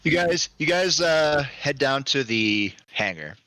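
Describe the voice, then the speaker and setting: Bright-voiced casual game master man. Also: a little high, lively intonation, takes it slowly, no room sound. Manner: casual, crude, joking. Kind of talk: narrating a tabletop role-play game.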